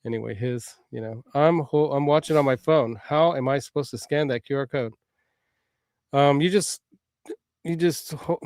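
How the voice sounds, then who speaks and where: A man of middle pitch hosting a casual livestream, chatty and quick to laugh as he reads out viewer comments. His voice is close and dry, with no room sound. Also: clean tone, no echo. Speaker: livestream host.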